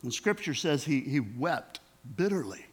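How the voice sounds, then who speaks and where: A man's voice: on the high side, very animated, a little slow, slightly rough. A man preaching a sermon in a conversational way, acting out the dialogue he quotes. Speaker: pastor.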